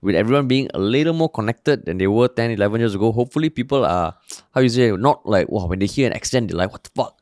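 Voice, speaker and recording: A man from Singapore with a Singaporean accent, co-hosting a podcast in loose, animated, swear-filled chat. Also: fairly low pitch, no room sound, clean studio sound. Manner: swears freely, animated and fast, tags sentences with "lah". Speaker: podcast co-host. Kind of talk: casual chat.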